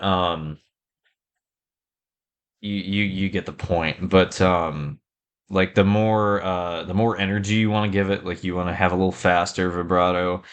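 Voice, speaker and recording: A man's voice: lowish voice, smooth. A young man giving rambling, casual feedback on a band performance, breaking off to sing short phrases to show them. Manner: halting, full of fillers, sings phrases to show them. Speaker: band director reacting to a performance.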